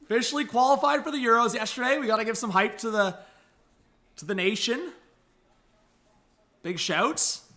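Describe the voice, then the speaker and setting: A young man hosting a live hockey reaction stream, chatty and excitable, thanking viewers and coaxing his dog. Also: high voice, moderate pace, pauses often. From Canada. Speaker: livestream host.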